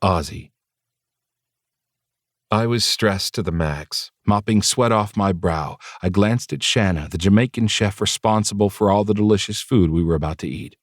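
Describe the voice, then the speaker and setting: A man narrating a novel in the first person, with expressive reading of dialogue. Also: lowish voice, normal speed, no echo, studio quality. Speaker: audiobook narrator.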